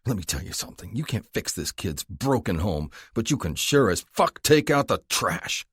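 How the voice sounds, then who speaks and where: A man playing a hard, bitter police officer who speaks with quiet, venomous contempt. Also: lowish voice, very animated, normal speed, breathy edge, no room sound, studio quality. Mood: contemptuous. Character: hard, bitter former-soldier cop, male.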